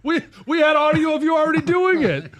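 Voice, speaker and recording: A man's voice: extremely high pitch, very animated, brisk, a bit bright, no echo. A man co-hosting a sports radio show, teasing and needling his partner in playful banter. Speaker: radio sports talk co-host.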